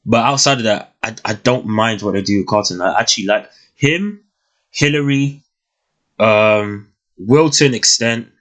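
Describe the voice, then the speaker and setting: Man, lowish voice, young adult, casual show review, hesitant, restarts a lot. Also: unhurried, fairly bright tone. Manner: thoughtful, hesitant, many restarts and fillers.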